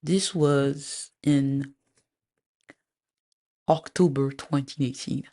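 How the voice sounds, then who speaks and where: A woman lawyer giving a measured personal testimony, speaking deliberately with frequent pauses. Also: deep voice, steady tone, dark tone. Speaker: lawyer recounting a personal legal dispute.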